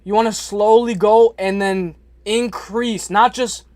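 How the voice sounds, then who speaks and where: Male streamer, high voice, dry close sound, loose slangy chatter. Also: steady tone, a little slow, no echo. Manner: slangy, rambling, shouts out chatters. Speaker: livestream host. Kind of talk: casual livestream chat.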